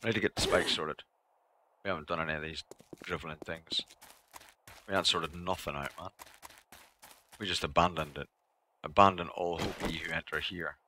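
A man's voice: low-pitched, fairly even intonation, normal speed, pauses often, sharp tone, a little hiss or hum. A man streaming a game live, chatting casually with his viewers in a rambling way that repeats itself.

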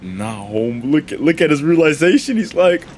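A man reacting live to a gaming video, excitable and slangy, often yelling advice at the characters on screen. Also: a little high, moderate pace.

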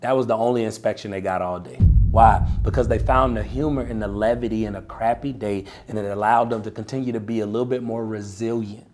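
A man, coaching sales reps in a punchy, animated, preacher-like way, often tagging lines with "right?". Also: on the low side, a little fast, soft background music. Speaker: sales coach and podcast host. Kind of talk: motivational sales coaching talk.

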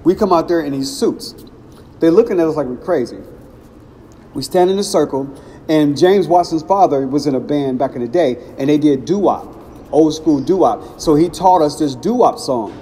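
A middle-aged man from Ohio telling casual stories as a podcast host, animated and acting out quotes. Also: fairly high pitch, moderate pace. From Cincinnati, Ohio. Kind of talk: casual storytelling. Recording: long reverb, faint background noise.

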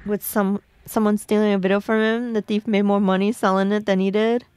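A woman's voice: medium pitch, flat delivery, brisk, darkish tone, clean tone, soft background music. A woman live-streaming a video game, chatting to her viewers and talking to herself as she plays. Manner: chatty, talks to herself and chat while playing.

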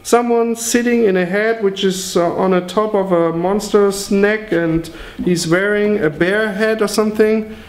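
A man pitching his own paintings in a joking, exaggerated, profane way, in an echoey room. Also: a little slow.

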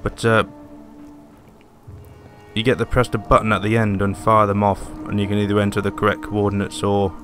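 Man, game commentary, bright tense voice, slow delivery, swears and yelps, faint music behind. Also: on the low side. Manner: sweary, excitable, yelps during fights. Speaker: gaming video host. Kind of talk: let's play commentary. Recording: voice over game audio with music.

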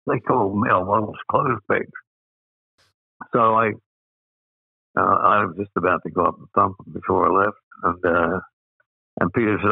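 Creaky and breathy-edged, this older Australian guest speaks at a moderate pace in a fairly low, steady voice, leaving long pauses. He tells rambling anecdotes in an interview, full of "uh" fillers and laughter, on a dry, narrow, tinny recording.

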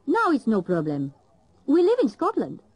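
Woman, fairly high, lively intonation, measured scripted monologue. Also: slightly rough, dry recording, low-quality recording. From Italy. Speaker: language learner.

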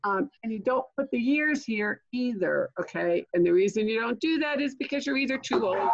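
Older lady coaching on a video call, chatty, gravelly voice, kinda dull lo-fi audio. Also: fairly high pitch, lively intonation, normal speed. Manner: chatty, keeps asking "okay?" and "right?"; jokey asides. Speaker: LinkedIn trainer. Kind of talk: online training webinar.

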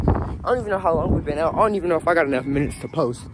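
A man's voice: on the high side, quick pace, poor audio. A man vlogging casually at an outdoor dog park, talking to his dog and his viewers on a handheld phone. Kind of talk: casual vlog chat. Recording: outdoor phone recording with clear background noise.

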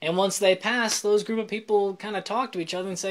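A man's voice: sits high, steady tone, a little fast, few pauses, a bit bright. A man on a casual Christian vlog who explains scripture in plain words and mixes in joking, self-deprecating asides. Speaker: Christian vlogger. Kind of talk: casual faith vlog talk.

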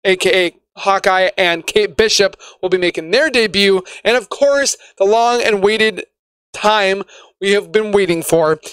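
A man's voice: high-pitched, measured pace, a bit bright, clean tone, no room sound. A man hosting his own gaming video, talking casually and rambling a little as he trips over words. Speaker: gaming YouTuber. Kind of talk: casual gaming news vlog.

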